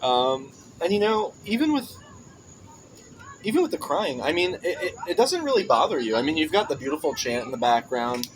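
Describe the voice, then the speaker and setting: Here a young podcast guest talks a little fast in a voice on the high side, his pitch swinging widely. The recording is low quality with slight hiss or hum, and he keeps the chat casual, cracking jokes through his stories and laughing a lot.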